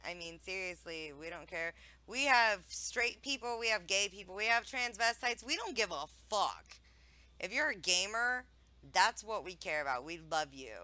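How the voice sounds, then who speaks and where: A woman from Wisconsin hosts a casual live stream, reading viewer messages aloud and swearing freely. Her voice is bright and crisp. The sound is dry and close. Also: mid-range voice, animated, normal speed, no echo, low-quality recording. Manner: profane, laughing, reads chat aloud. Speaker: streamer hosting interview.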